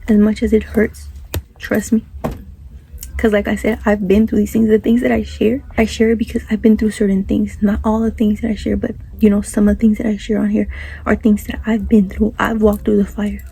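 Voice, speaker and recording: A young woman speaking earnestly to camera about faith, soft-spoken and often slipping into a whisper, rambling and repeating herself. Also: mid-range voice, breathy edge, rough recording. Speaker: Christian YouTuber.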